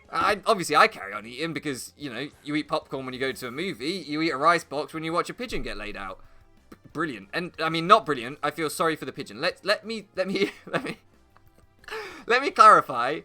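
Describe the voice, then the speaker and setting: A man in his late twenties spins a rambling, sweary story as he plays. His voice is very bright and sits a little high, swooping up and down a lot. Faint music plays underneath. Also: quick pace. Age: late 20s. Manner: animated, profane, rambling anecdotes. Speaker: let's play host. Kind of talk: casual storytelling over gameplay.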